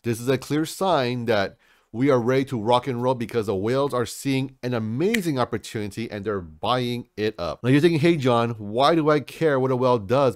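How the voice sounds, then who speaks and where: A man's voice: medium pitch, darkish tone, no room sound, clean studio sound. A man hosting a crypto channel, giving hyped market commentary in a salesy way and calling his viewers folks.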